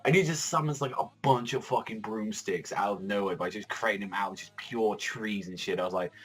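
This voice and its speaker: A young man with a lowish, breathy-edged voice reviews a manga chapter in a brisk, casual ramble, swearing often and packing his talk with "like".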